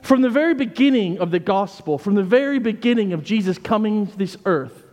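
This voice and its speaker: A man's voice: high-pitched, a little mellow. A man with an American accent, a vicar giving a conversational sermon with anecdotes. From United States. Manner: conversational storytelling with asides. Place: church. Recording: long reverb of a church.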